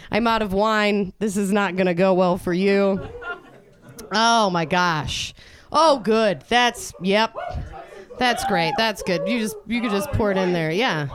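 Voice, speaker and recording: A female stand-up comedian performs a brash, crude set on a club stage, working the crowd with a handheld mic as the audience laughs. Her voice is medium-pitched at normal speed, in a live club recording with crowd noise.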